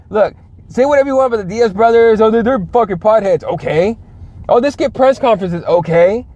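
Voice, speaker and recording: A man's voice: sits high, darkish tone. A man hosting a casual talk show, ranting bluntly and profanely, rambling with lots of restarts. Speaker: podcast host. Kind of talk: casual rant.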